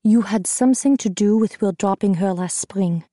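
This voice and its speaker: A woman voicing a manipulative young male dancer who speaks in a hushed, threatening whisper, slow and taunting. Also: mid-range voice, steady tone, dry recording, clean studio sound, lightly acted. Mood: accusing.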